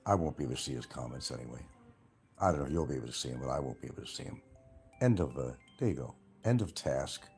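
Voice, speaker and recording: A man hosting a casual livestream and answering viewer comments in a blunt, profane, combative way. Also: rumbling low. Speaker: livestream host.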